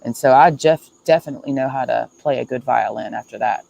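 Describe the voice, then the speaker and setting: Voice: mid-range voice, fairly quick, creaky, a little mellow, low-quality recording. A streamer talking in a casual livestream monologue, earnest and repetitive, speaking emphatically and confessionally.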